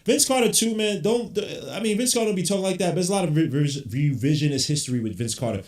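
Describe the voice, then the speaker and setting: Fast-talking and a little mellow, this high-voiced basketball podcast host reacts to a game as it happens. His rants are blunt and frustrated, laced with casual cursing, over a roomy echo.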